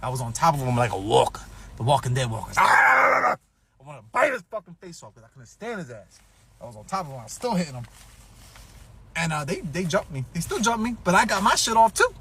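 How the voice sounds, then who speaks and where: A man's voice: a little high, fast, a crowd in the background. A man telling a profane, comedic personal story, acting out what people said. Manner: animated, profane, acts out quotes.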